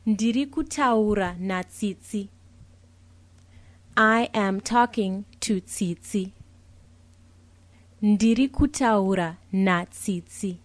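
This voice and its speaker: A young woman speaks as a language teacher, unhurried and patient, spelling out each word and repeating it so it sinks in. Her voice sits in a middle range and is recorded close and dry, with no room sound around it. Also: mid-range voice, no echo. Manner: patient, clear, explains each word with a translation. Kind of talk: slow, deliberate vocabulary lesson, repeating each word.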